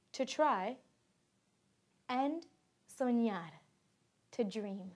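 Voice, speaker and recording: A woman giving scripted narration for a language course, reading example sentences slowly and evenly, then their translations. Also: a little high, darkish tone.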